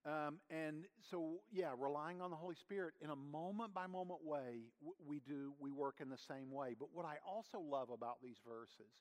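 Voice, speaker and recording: A man's voice: a little high, moderate pace, few pauses. A man preaching a sermon as pastor, earnest and conversational, with frequent fillers as he explains a Bible passage.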